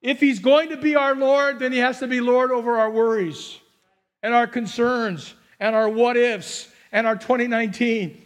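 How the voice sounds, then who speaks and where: High-voiced animated male pastor preaching. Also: normal speed. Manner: animated, acts out voices and scenes. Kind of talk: sermon.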